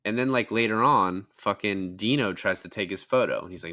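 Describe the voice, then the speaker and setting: A man's voice: on the low side, brisk, pushed and bright. A young man co-hosting a casual film review podcast, retelling scenes with lots of swearing and fillers. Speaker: podcast co-host.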